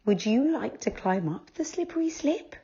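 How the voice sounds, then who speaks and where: A woman teacher reading a children's story aloud, gentle and questioning. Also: fairly high pitch, sing-song, moderate pace, breathy edge, muffled recording.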